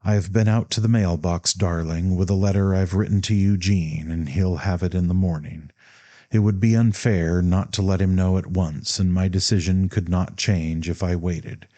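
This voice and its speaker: A man's voice: sits low, steady tone, normal speed, dark tone, no echo, lightly acted. Man reading as a tender devoted mother. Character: tender, devoted middle-aged mother writing to her son.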